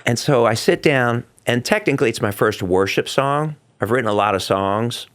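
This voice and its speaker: A middle-aged man, a Broadway performer as a guest, telling a personal story in an earnest, excitable way, often acting out what people said. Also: mid-range voice, moderate pace, few pauses. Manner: excitable, acts out quotes with big vocal swings; earnest and heartfelt.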